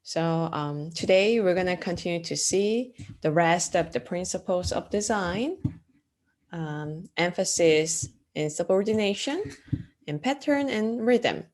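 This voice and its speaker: A woman's voice: lowish voice, lively intonation, a little slow, darkish tone. A woman teaching an art class, explaining design terms step by step with frequent ums and uhs and questions to the class. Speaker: art instructor. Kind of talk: lecture.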